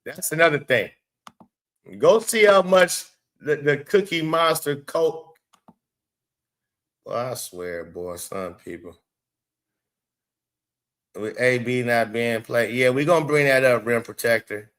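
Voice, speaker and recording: A man hosting a casual live stream, animated, swearing and talking back to his chat. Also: mid-range voice, takes it slowly, pauses often. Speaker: show host.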